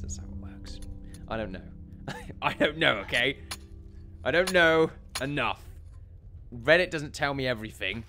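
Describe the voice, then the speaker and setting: A man's voice: medium pitch, a bit bright, a little hiss or hum. A young man rambling and laughing at himself while commenting on a building game, with faint music underneath. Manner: rambling, self-deprecating, laughs often. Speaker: gaming commentator. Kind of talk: casual let's play commentary.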